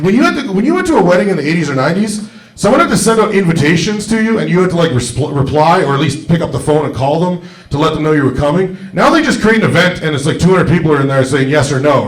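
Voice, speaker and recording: A man doing a stand-up set in a comedy club. He talks in a casual, rambling way into a handheld mic and keeps tossing "right?" to the crowd. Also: a little high. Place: comedy club stage before a live audience. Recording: echoey comedy club, from far off.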